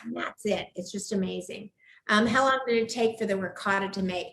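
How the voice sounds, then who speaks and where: A woman's voice: medium pitch, brisk, a bit bright, slight background noise. A woman hosting a live cooking show from her home kitchen, chatting with enthusiasm and gushing over the food. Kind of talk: live cooking demo chat. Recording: echoey room.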